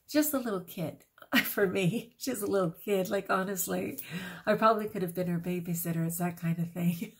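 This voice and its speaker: A woman's voice: medium pitch, moderate pace. A woman in her sixties chatting casually to camera as a vlogger, gushing and laughing often, with plenty of fillers. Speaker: vegan vlogger.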